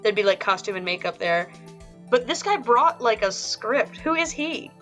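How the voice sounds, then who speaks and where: Lively bright-voiced woman streamer. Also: fairly high pitch, moderate pace. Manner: animated, swears, reads game text aloud. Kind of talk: casual let's-play chat. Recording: faint game music behind.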